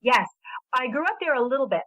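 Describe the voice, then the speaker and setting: A woman's voice: high-pitched, expressive, quick pace, a bit bright, dry recording. A middle-aged woman born in Hungary with an American accent, chatting enthusiastically as a novelist guest in an interview. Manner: chatty, enthusiastic, with small laughs. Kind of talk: casual interview chat. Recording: tinny dry phone line.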